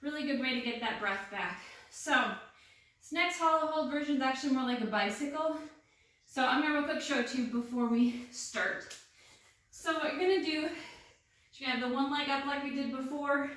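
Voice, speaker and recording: Counting reps and urging her class on between breaths, a young female fitness instructor guides a workout. Her voice is high-pitched and fairly bright, moving at a normal speed. Heavy room echo and a distant mic color the recording.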